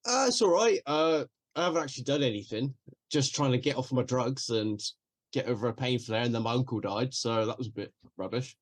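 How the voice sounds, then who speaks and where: A man co-hosting a podcast, chatting casually, laughing often and trailing off quietly. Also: mid-range voice, a little fast. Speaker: podcast co-host. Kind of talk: casual chat.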